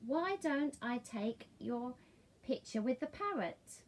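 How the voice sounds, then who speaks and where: A woman's voice: sits high, expressive, slow, heavily acted. A woman voicing a cheerful young boy in a storybook reading.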